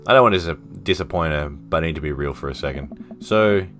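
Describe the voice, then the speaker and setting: A man's voice: rumbling low, fairly quick, fairly bright tone, soft background music. A man streaming a dating game, reading its dialogue aloud with playful, self-mocking asides. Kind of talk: casual let's-play commentary, reading dialogue aloud.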